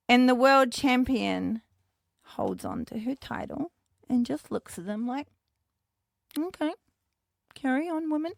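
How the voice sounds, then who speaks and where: Woman, sarcastic sweary recap host, high lively voice, dry close sound. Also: dry recording. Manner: chatty and sarcastic, swears freely, playful asides. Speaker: podcast host recapping wrestling. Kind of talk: casual recap commentary.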